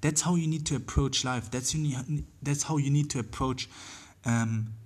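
A man with a slightly husky voice speaks at a mid pitch. He hosts his own podcast, pressing the same point again and again with "like" and "you know" as he hunts for words. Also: normal speed. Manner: earnest, repetitive, many fillers and restarts. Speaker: podcast host. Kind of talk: casual motivational monologue.

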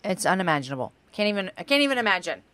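A woman's voice: mid-range voice, sing-song, very fast, no echo. A woman hosting a podcast, chatting casually about faith and often affirming her guest. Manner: warm, chatty, affirming with frequent yeahs. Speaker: podcast host.

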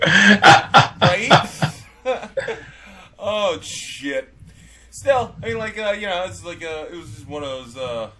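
A man's voice: high voice, animated, slow pace, pauses often, bright, forceful tone, low-quality recording. A man co-hosting a casual podcast chat, rambling with lots of fillers and restarts. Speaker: podcast co-host.

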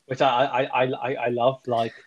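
Reviewing films with a co-host in casual podcast chat, this man is enthusiastic and rambling, correcting himself as he talks. He has a medium pitch, level tone, and normal speed, and the audio comes across dull.

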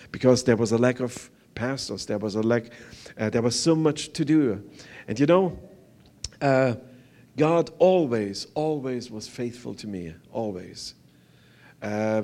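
An older man with a German accent giving an earnest sermon testimony as a visiting pastor, speaking halting English with many fillers. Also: medium pitch, a little mellow.

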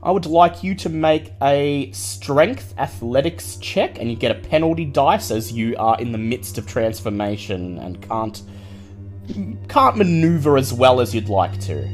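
A man's voice: mid-range voice, expressive, a little slow, soft background music. A man running a tabletop game, explaining rules and narrating the action vividly. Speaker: game master.

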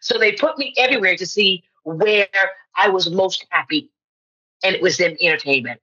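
A woman in her fifties, an actress guest on a podcast, telling personal stories in an animated way and acting out the voices of people she quotes. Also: fairly low pitch, moderate pace, breathy edge, muffled recording. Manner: animated storyteller who acts out quoted voices. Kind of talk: personal storytelling in conversation.

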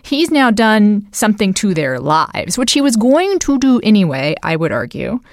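Chatty animated woman podcast host. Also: mid-range voice, moderate pace, no echo, studio quality. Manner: animated, laughs often, chatty asides. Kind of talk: casual political conversation.

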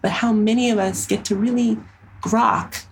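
Woman, 30s, therapist being interviewed, animated and earnest, some gravel in the voice, faint hiss behind. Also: fairly high pitch, moderate pace, rough recording. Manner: earnest, animated storytelling with frequent fillers. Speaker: somatic therapist. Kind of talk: interview storytelling.

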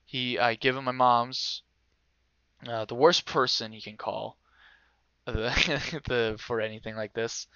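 A young man casually telling a story, animated and swearing freely, acting out other people's voices. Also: medium pitch, measured pace, dull audio.

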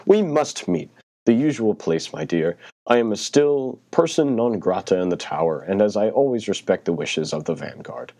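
A man putting on a pompous gentleman uncle. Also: lowish voice, lively intonation, normal speed. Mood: theatrical. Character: pompous eccentric gentleman uncle writing letters. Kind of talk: dramatic reading of a letter.

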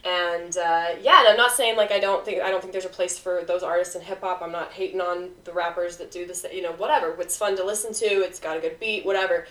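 A woman's voice: lowish voice, fairly even intonation, fast talker, few pauses, bright, forceful tone, distant mic. A woman hosting a podcast interview, upbeat and talkative in casual chat. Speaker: podcast host. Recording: echoey room, slightly off mic.

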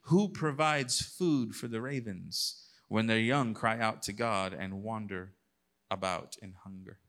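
A male pastor preaching a sermon, reading scripture aloud and acting out God's lines, moving between hushed passages and loud bursts. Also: fairly low pitch, a little slow.

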